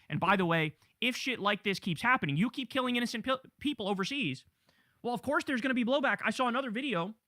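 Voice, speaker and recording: A man's voice: high-pitched, bright, forceful tone, no room sound, clean studio sound. A man hosting a live political news stream, ranting heatedly and swearing as he reads headlines. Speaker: political show host.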